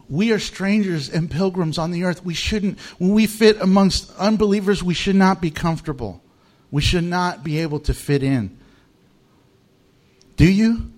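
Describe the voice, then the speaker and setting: An American male pastor preaching a humorous sermon, telling stories with animation and laughing at his own jokes. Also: high voice. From United States.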